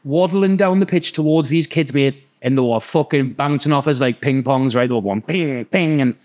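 A man's voice: mid-range voice, a little mellow. A man with a Geordie accent telling rowdy, sweary stories in casual chat and acting out the people in them. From North East England. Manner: fast, sweary, laughing, acts out quoted voices. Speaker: podcast guest. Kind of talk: casual storytelling.

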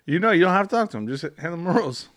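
A man's voice: high voice, very animated, rapid-fire, a bit bright, no echo. A man in casual chat, answering with dry quips and short reactions.

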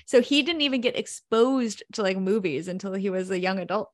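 A woman's voice: medium pitch, brisk. A woman from the United States co-hosting a podcast, telling stories in a laid-back way with frequent laughs. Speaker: podcast co-host. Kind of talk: casual chat.

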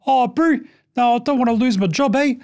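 A man's voice: very high-pitched, brisk, gravelly, darkish tone, pitched above the performer's own voice. A man voicing a rambling, laid-back male basketball executive in a put-on New Zealand accent, tagging lines with "eh". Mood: smug rambling. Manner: drawled with repeated "eh" tags.

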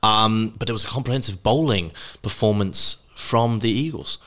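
A man's voice: lowish voice, moderate pace, fairly bright tone. A man from Scotland with an English-sounding accent, co-hosting a cricket podcast with upbeat enthusiasm. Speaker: podcast co-host. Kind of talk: casual sports chat.

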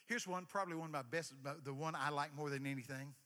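An older man preaching a lively sermon in a church, his voice high for a man and ringing bright. He swings between quiet asides and sudden shouted bursts, and the sound carries a long hall reverb. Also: fast.

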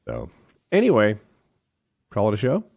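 A man's voice: fairly low pitch, normal speed, creaky, no echo, studio quality. A man co-hosting a podcast in casual chat, telling stories animatedly and swearing freely. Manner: animated storytelling, acts out quotes in a raised voice. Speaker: podcast co-host.

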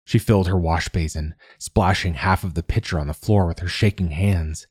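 Low, husky male audiobook narrator. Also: normal speed, darkish tone, no room sound, clean studio sound. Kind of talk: scripted narration.

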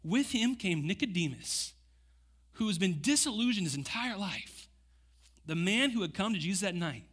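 Bright-voiced, animated young male preacher. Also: high-pitched, normal speed, husky. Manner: conversational, animated, acts out quotes with slang asides. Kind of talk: casual sermon.

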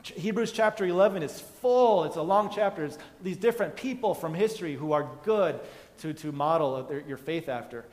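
A man's voice: on the high side, fairly quick, a little mellow, big-room sound. A male pastor preaching a conversational sermon, acting out the biblical characters' dialogue as he explains the passage.

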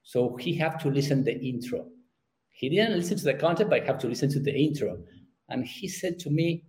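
A middle-aged man with a Spanish accent, a youth sports parenting coach who repeats words as he searches for his phrasing and grows animated when telling stories. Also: a little high, moderate pace, low-quality recording. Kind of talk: conversational interview.

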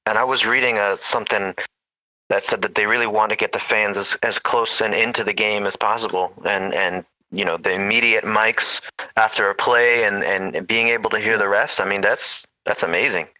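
Low, bright man in a dry room. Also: fairly even intonation, moderate pace, no room sound, rough recording. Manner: earnest, repeats words when starting phrases. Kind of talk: casual sports chat.

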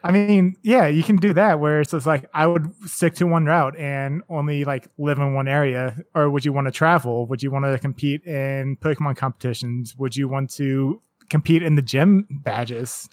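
A man's voice: on the high side, steady tone, normal speed, few pauses, no echo. A man in his late twenties chatting casually on a podcast, thinking aloud and swearing now and then. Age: 20s. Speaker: podcast co-host.

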